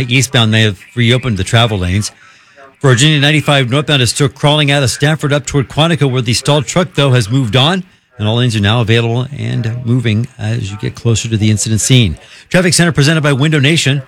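A male traffic reporter rattling off road incidents on the radio. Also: medium pitch. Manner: rapid, steady listing.

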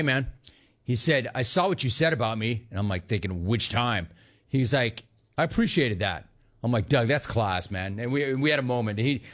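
A man's voice: medium pitch, a bit bright. A man hosting a call-in sports talk radio show, brash and joking, calling people dude and bro.

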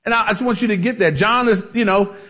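Speaking quickly in a high, pushed, bright voice, a pastor gives a chatty Bible-teaching sermon. He often drifts into asides and restarts his sentences.

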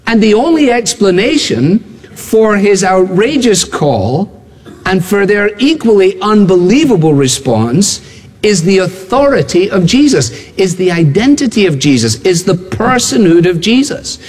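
A man's voice: high voice, big pitch swings, unhurried, big-room sound. A man preaching a sermon, emphatic and building his points through repeated phrases and rhetorical questions to the congregation. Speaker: pastor.

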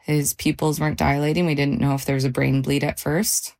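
A mother in an interview, calmly recounting a frightening event in a measured, halting way with pauses and restarts. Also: sits low. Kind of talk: personal account in a radio interview.

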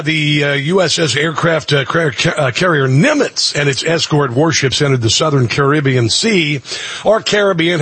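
A combative male radio host with a husky, slightly rough voice, recorded close and dry with no room sound. He reads headlines aloud, then breaks into blunt, heated commentary full of ums and restarts. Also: mid-range voice, no room sound. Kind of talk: political talk radio commentary.

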